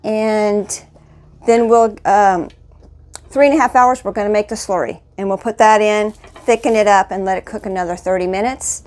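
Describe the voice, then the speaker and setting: A woman's voice: medium pitch, fairly even intonation, normal speed, a little mellow. A woman hosting a casual home cooking video, chatting through the steps and tasting the dish on camera. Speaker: cooking channel host.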